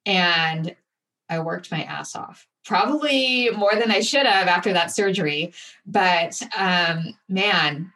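A woman's voice: on the low side, slow pace, distant mic. Woman telling a candid personal story. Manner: candid, animated retelling with acted-out inner voices. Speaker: guest. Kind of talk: personal storytelling in a podcast interview.

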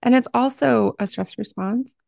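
Effusive American woman host, gravelly. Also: a little high, moderate pace, dry recording, studio quality. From Southern Ohio, Appalachia. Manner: effusive and expressive. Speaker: podcast host. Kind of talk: conversational interview.

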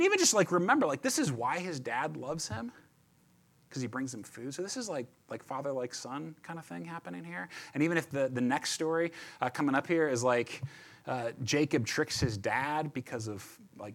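A male pastor preaching in a loose, chatty way, tossing in "right?" and "like" as he goes. His voice sits a little high and moves around a lot, lively and expressive. He restarts phrases often and keeps the tone conversational. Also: slightly rough. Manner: animated, chatty, repeats words and asks "right?". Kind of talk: conversational sermon.

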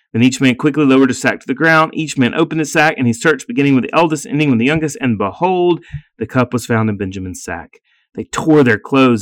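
A man's voice: medium pitch, dry recording. Man reading scripture, dry close mic. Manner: slow, deliberate reading with short asides.

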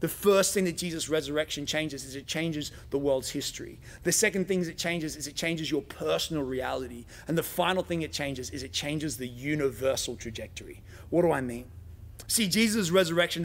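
A man delivers a sermon in a dramatic storytelling manner, slipping into the voices of the people he quotes. His voice sits a little high and has a gravelly edge. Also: brisk. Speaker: pastor.

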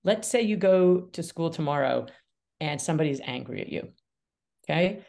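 Animated middle-aged woman, lowish voice. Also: normal speed, vocal fry. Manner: lively, animated, laughs often, acts out dialogue. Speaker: guest, mediator and author. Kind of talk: podcast interview.

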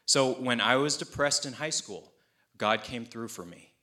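Delivering a sermon at a measured pace, a young pastor uses a mid-range voice with a bright, forward tone. He's conversational and tells stories energetically, voicing those he quotes with playful asides.

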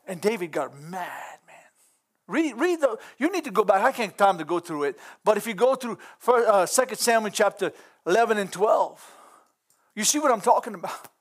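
High-voiced, fervent male preacher. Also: lively intonation, moderate pace. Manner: impassioned, fervent exclamations, rising to shouts. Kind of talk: sermon.

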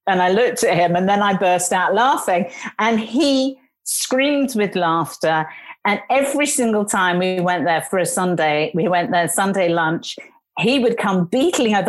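A woman guest telling lively stories in casual conversation, acting out the people she quotes. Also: fairly low pitch, moderate pace. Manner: lively storyteller, acts out voices in quotes.

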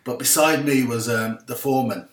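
An older Irish man, a guest caller, telling a lively anecdote in casual chat. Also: mid-range voice, moderate pace. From Ireland. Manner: chatty, animated, laughing anecdote teller. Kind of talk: casual storytelling. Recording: roomy, distant remote line.

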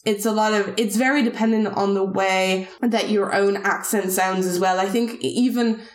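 A woman's voice: medium pitch, fairly even intonation, moderate pace. Woman podcaster in a roomy echo. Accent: non-native English. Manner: rambling, many fillers and restarts. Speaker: podcast co-host. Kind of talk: casual chat.

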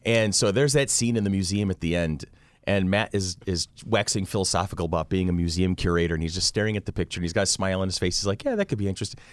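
A man hosting a casual group podcast, telling stories with excitement while fighting off a cold. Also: deep voice, fast talker, no room sound. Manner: excitable, animated storyteller. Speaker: podcast host.

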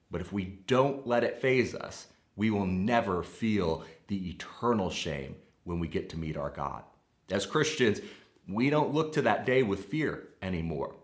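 A man with a Midwestern American accent preaching a sermon, earnest and measured, slowing down to stress key phrases. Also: lowish voice, a bit bright, echoey room. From Midwestern United States. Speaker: pastor.

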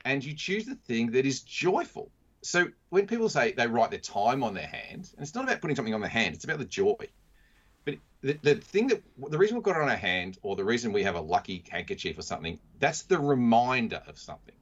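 A man's voice: mid-range voice, very animated, quick pace, breathy edge. A man, a mindset consultant, telling a story in casual conversation and acting out the quotes in a raised voice. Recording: dull lo-fi sound.

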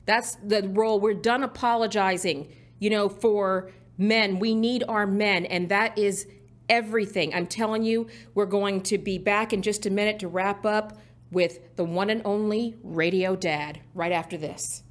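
A woman's voice: medium pitch, steady tone, a little slow. A woman hosting a political talk show, chatting with a guest in an enthusiastic, rallying way. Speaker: show host.

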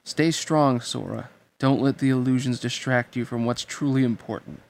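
Man voicing a gentle sad young woman, slow weighty warnings, amateur audiobook reading. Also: medium pitch, fairly even intonation, gravelly, natural voice. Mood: solemn.

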